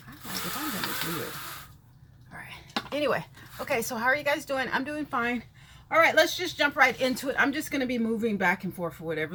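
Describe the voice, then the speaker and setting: A woman's voice: medium pitch, bright, forceful tone, a little hiss or hum. A woman vlogging at home, chatting casually to the camera in a sassy, playful way. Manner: sassy, playful, calls viewers honey. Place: home room by a sunny window.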